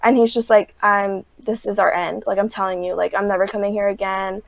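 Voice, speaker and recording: Fairly quick and mid-range, with vocal fry and no room sound, a young woman on a podcast casually recaps a reality show. She's heavy on fillers, "like" above all, and tells it animatedly, acting out the quotes.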